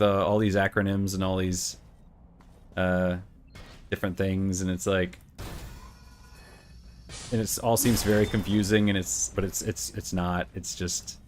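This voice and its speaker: A middle-aged man with a low-pitched voice chats casually on his gaming channel while playing, rambling through stories that include quoted voices. A little hiss or hum can be heard.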